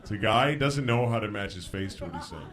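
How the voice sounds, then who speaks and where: A man doing a stand-up comedy set, telling stories in a dry, deadpan way that breaks into high shouted bits. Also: fast talker. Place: live on stage before a laughing crowd. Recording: live show with audience laughter.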